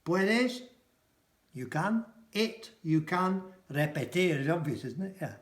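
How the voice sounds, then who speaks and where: A man teaching a casual language lesson, repeating each phrase slowly and translating it. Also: fairly high pitch, lively intonation, roomy sound. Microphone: camera mic.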